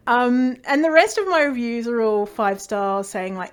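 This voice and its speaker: A woman with a slightly high voice hosts her podcast from home. She talks in a casual, chatty monologue, playful and upbeat, full of fillers and asides. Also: animated, measured pace, hardly any pauses, smooth. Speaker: podcast host. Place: at home indoors.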